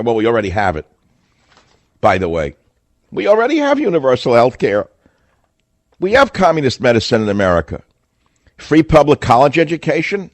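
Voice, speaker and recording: Combative, sarcastic low-voiced man. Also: no echo. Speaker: radio talk show host. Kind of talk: talk radio monologue.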